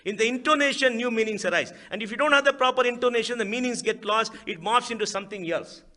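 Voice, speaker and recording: A man's voice: very high-pitched, fast, sharp tone. Emphatic Indian man giving a speech. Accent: Indian English. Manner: emphatic, repetitive, rhetorical questions. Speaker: guest speaker. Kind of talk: public speech. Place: lecture hall.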